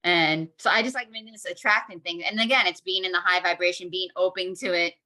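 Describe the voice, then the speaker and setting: A woman guest in a casual podcast chat, an animated storyteller who acts out quoted dialogue. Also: lowish voice, brisk.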